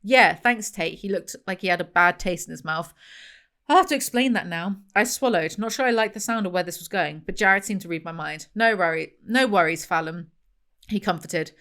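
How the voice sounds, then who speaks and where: A woman's voice: lowish voice, moderate pace, fairly bright tone. A young woman reading passages from a novel aloud and mocking them with wry, sarcastic commentary as a book reviewer.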